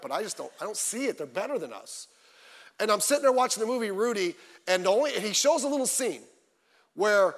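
A middle-aged male pastor delivers a sermon in a notably high voice. He talks in a lively, folksy way and rises to shouts when he presses a point. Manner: animated, shouting at climaxes, folksy asides.

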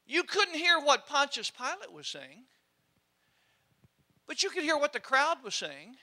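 A man's voice: very high-pitched, wildly swooping pitch, unhurried, sharp tone. A male preacher giving a sermon, telling scripture stories dramatically and acting out the scenes with his congregation.

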